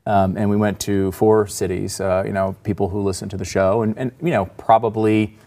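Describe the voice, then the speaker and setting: A man's voice: lowish voice, flat delivery, moderate pace, dark tone. A man co-hosting a casual political talk show, thinking aloud with many restarts. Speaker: co-host.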